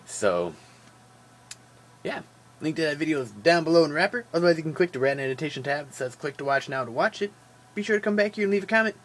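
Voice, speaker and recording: A man's voice: a little high, quick pace. Tired, jokey guy vlogging. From Wisconsin. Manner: animated, jokey, rambling, with fillers. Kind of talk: casual daily vlog chat.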